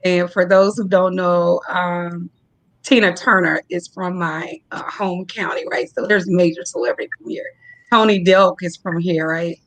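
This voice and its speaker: A woman's voice: fairly low pitch, fairly even intonation, a little slow, a bit bright, dry recording. A woman from Tennessee, speaking effusively to viewers on a video call as she hosts a live-stream announcement. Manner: effusive, laughing, addresses viewers as y'all. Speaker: host announcing her new venture.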